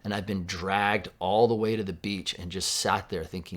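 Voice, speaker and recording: A man with a fairly low voice delivers a sermon in an easy, conversational tone. He is from Southern California and sometimes drops to a soft hush when he quotes someone. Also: steady tone, moderate pace. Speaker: pastor.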